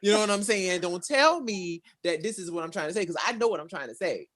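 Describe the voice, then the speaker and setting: A man co-hosts a casual chat podcast, sassy and colloquial, throwing in "honey" as he reacts. His voice swoops up and down with lively energy. The sound is dry and close. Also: sits high, quick pace, dry recording. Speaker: podcast co-host.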